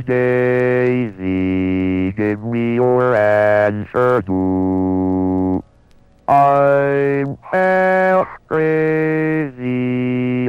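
An early speech-synthesizing computer with a male-sounding, flat, monotonous electronic voice, played from an old archival demonstration film. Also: deep voice. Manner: slow, evenly stressed delivery, sometimes sung. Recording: dull lo-fi archival film audio with faint music.

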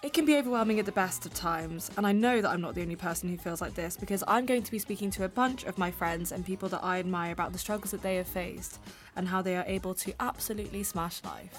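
A woman's voice: fairly low pitch, quick pace. A woman, reading a scripted show intro in an earnest way. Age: 20s. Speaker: podcast host. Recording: faint music bed behind.

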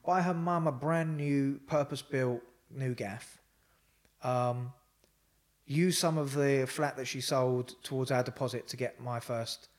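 As a guest on a podcast, a man tells personal stories in a relaxed chat, rambling with lots of fillers and quoting dialogue. His voice is medium-pitched and a little slow.

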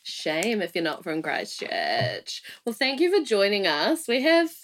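A woman's voice: mid-range voice, very animated, unhurried, a loud crowd. A New woman co-hosts a casual podcast chat, her voice rising and falling freely. She is giggly and talkative, often leaving sentences hanging. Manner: chatty, giggly, trails off mid-sentence. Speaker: podcast co-host. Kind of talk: casual chat and guest introduction.

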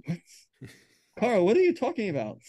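A man improvising as a ghost hunter in a tabletop game, animated, encouraging and joking. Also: sits high, normal speed, a loud crowd. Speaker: player voicing a ghost hunter. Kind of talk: improvised role-play.

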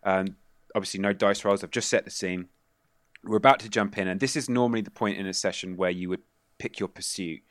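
A man running a tabletop game and explaining the rules in a relaxed, chatty way. His voice sits somewhat low. The recording is dry and close. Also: a little fast, no room sound. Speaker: game master.

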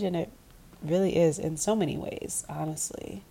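A woman's voice: deep voice, fairly even intonation, moderate pace, mellow. A woman with a stuffy nose chatting as a podcast co-host over a video call, acting out quotes and laughing. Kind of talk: casual chat. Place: resort room.

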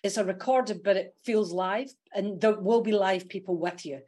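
Scottish female coach, guest in a casual podcast interview, energetic and laughing often. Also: medium pitch, moderate pace. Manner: lively, laughs often while explaining.

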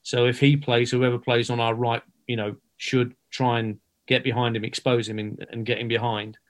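A man, a broadcaster guest, giving a calm, measured rundown of a football team. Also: medium pitch. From England. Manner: measured, analytical. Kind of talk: casual chat, match analysis.

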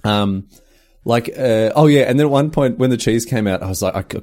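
A medium-pitched man speaks a little fast as a podcast co-host in easygoing conversation. He tells animated stories, laughing frequently and performing the quotes himself.

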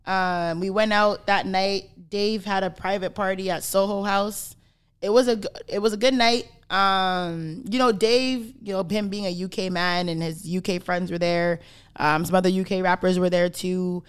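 A young woman co-hosting a podcast tells a story in loose casual chat. She swears freely and fills her talk with "like". Her voice sits at an ordinary middle pitch. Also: steady tone, normal speed, smooth. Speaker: podcast co-host.

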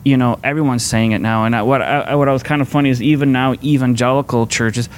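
A man's voice: mid-range voice, steady tone, fast talker, slight background noise. A man giving a casual, conversational sermon to a faith community, earnest and rambling, restarting his sentences often.

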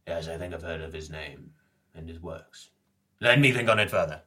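A man's voice: on the low side, animated, unhurried, bright, forceful tone, husky, exaggerated voice. Man plays haggard tabletop-game adventurer, hesitant and muttering, plainly voiced. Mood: brooding. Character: haggard, troubled old-fashioned male adventurer.

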